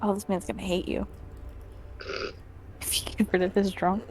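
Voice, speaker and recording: A woman's voice: mid-range voice, little pitch movement, moderate pace, a little hiss or hum. A woman playing a tabletop game, speaking bluntly and dryly. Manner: blunt, dry. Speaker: player. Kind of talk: casual tabletop chat.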